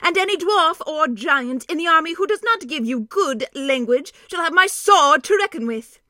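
A woman voicing a tiny, valiant male mouse knight who speaks in a shrill, piping, bold voice. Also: animated, moderate pace, sharp tone, no room sound, clean studio sound. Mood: bold, gallant.

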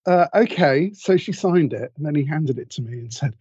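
A man's voice: on the high side, lively intonation, normal speed, few pauses, warm tone, slightly rough, no room sound, dull audio. A man co-hosting a podcast who tells an anecdote with plenty of ums and acts out the lines of the people in it. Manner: storyteller who acts out quotes, many ums. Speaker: podcast co-host. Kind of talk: casual chat, anecdote.

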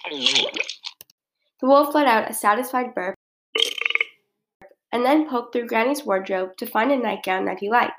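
A woman narrating a children's storybook in an expressive, measured way. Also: a little high, heavy background noise. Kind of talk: storybook reading.

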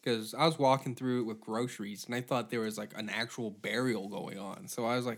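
A man hosting a comedy podcast, rambling through a profane monologue with deadpan asides. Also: medium pitch, a little fast, few pauses. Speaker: podcast host.

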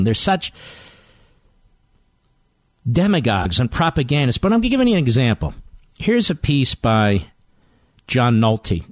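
A man's voice: on the high side, no echo. A man hosting a political talk radio show, delivering a combative monologue and reading headlines aloud with rising emphasis into a studio microphone.

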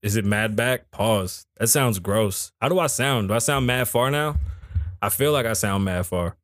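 Speaking at a moderate pace with a fairly low pitch, a podcast host chats casually on his live show from a small studio, cracking jokes, swearing and drifting from subject to subject. There is no room sound.

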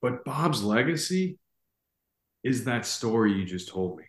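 A man's voice: mid-range voice, big pitch swings, unhurried. A man hosting a podcast interview, reacting to his guest in a casual, reflective way. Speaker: podcast host. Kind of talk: interview conversation. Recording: roomy echo.

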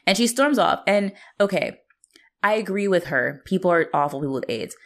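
A woman with a fairly low voice co-hosts a casual podcast. She talks in a loose, chatty way, packing her sentences with "like" and jumping into little impressions of the characters she describes. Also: lively intonation. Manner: chatty, heavy use of "like", quick to act out characters. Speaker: podcast co-host. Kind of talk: casual recap chat.

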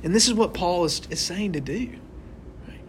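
A man's voice: high-pitched, lively intonation, moderate pace, a little hiss or hum. A man leading an interactive Bible study, talking conversationally, often tagging his points with "right?" and acting out little scenes. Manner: conversational, asks the group questions; tags sentences with "right?".

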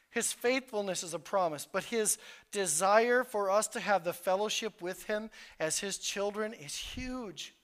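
A man preaching to his congregation in a high, bright voice. His delivery is earnest, rising to loud, urgent peaks and then falling back to hushed, low passages. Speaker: pastor. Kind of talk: sermon.

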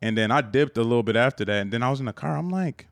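A man's voice: medium pitch, rapid-fire, creaky, no room sound. A young man co-hosting a podcast in casual chat, telling stories with lots of slang and frequent laughter. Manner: animated storyteller, laughs often, slangy. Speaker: podcast co-host.

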